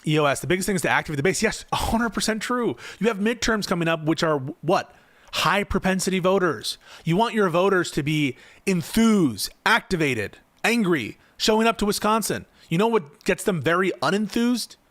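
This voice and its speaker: A man's voice: high-pitched, lively intonation, normal speed, fairly bright tone. Profane, exasperated man streaming politics. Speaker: political streamer reading chat. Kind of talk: casual live-stream commentary.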